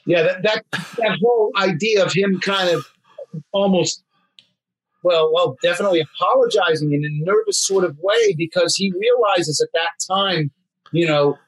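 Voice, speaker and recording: High-voiced man asking eager questions. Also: moderate pace, poor audio. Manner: eager, rambling questions with filler words. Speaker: co-host. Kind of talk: casual chat.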